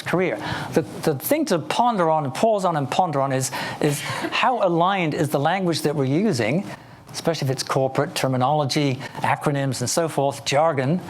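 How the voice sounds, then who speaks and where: A man's voice: a little high, a little hiss or hum. A man with an English accent giving a motivational keynote to a live audience, telling stories playfully. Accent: English, Oxford area. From England. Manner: storytelling, playful, addressing the audience. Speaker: keynote speaker.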